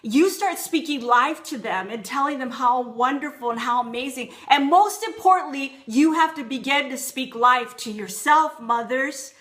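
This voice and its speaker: A woman's voice: high-pitched, normal speed, hardly any pauses, fairly bright tone. A woman in her thirties giving a conversational sermon to women, telling personal stories with quoted dialogue. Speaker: women's ministry speaker.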